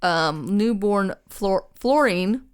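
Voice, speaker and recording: A woman's voice: medium pitch, lively intonation, slow pace, clean tone. A young woman co-hosting a podcast, casually retelling a true crime story with lots of ums, restarts and swearing. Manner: rambling, swears freely, frequent ums and restarts.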